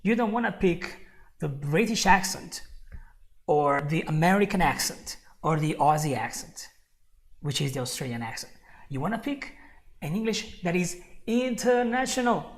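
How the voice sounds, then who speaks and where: A woman's voice: fairly low pitch, lively intonation, moderate pace. A woman giving a live online English lesson, who repeats her key points, chuckles often and calls the viewer "my friend". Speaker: English teacher.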